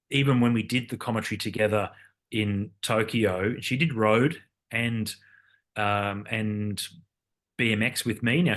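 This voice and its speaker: A man's voice: on the low side, fairly bright tone. A man, talking as an interview guest in a loose, rambling way with many fillers and restarts. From Australia. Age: 50s. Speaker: guest, Olympic cyclist and commentator. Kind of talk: casual interview conversation.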